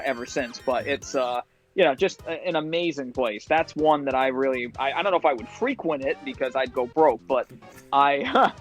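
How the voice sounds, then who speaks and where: A chatty man from Rhode Island talks as a podcast guest, rambling through his stories and laughing easily. His voice sits at an ordinary middle pitch. Faint music plays underneath. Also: a bit bright. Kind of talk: casual chat.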